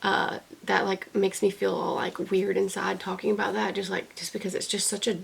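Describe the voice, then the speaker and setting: Gravelly-voiced young woman, earnest diary talk. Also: mid-range voice, little pitch movement, moderate pace. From United States. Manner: earnest, rambling, many fillers and restarts. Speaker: beauty vlogger. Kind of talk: personal video diary.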